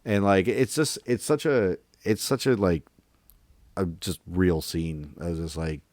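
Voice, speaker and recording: Deep-voiced man chatting about a film. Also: measured pace, no echo. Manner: rambling, animated retelling of scenes with acted quotes. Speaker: podcast co-host. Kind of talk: casual movie discussion.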